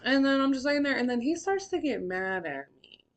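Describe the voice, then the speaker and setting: A young woman hosting a podcast, telling her own story in a blunt, profane, animated way with big swings in pitch and loudness. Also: fairly quick. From California. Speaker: podcast host. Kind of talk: candid personal storytelling.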